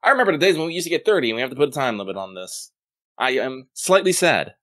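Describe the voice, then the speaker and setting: A man co-hosting a podcast in casual chat, making wry, deadpan jokes. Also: rapid-fire, no room sound, clean studio sound. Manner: wry, deadpan jokes and lively swings in pitch. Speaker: podcast co-host.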